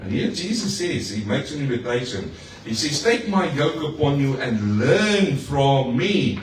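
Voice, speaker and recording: A pastor preaching to his congregation, lively and personal, with playful asides and questions to the room. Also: mid-range voice, a little slow, slight background noise. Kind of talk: sermon. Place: church hall. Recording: echoey hall, mic far off.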